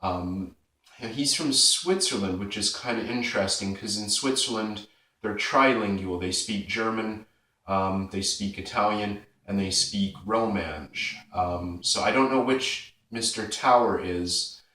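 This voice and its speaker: A man with a lowish voice talks off the cuff, full of ums and sarcastic asides. He sits back from the mic in a roomy, echoey space. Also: unhurried, pushed and bright, recorded from a distance. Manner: rambling, frequent ums, sarcastic and exasperated. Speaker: fragrance vlogger. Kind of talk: casual opinion vlog.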